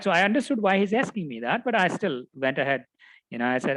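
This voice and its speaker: A man's voice: fairly high pitch, very animated, quick pace, fairly bright tone, dry recording, poor audio. A middle-aged man, a project management instructor, teaching through a story and often tagging his sentences with "right?". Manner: anecdotal, tags sentences with "right?". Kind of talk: storytelling lecture.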